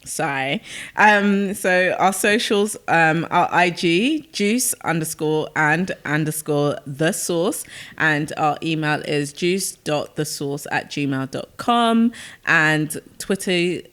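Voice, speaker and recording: A woman's voice: low-pitched, slow. Chatty woman telling stories. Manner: animated storyteller with slang, many restarts. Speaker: podcast co-host. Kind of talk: casual chat.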